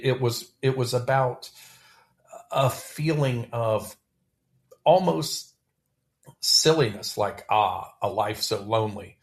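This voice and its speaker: A man hosting a poetry podcast, discussing a poem in a lively, stammering way with frequent restarts. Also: mid-range voice. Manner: animated, stammering restarts, chuckling.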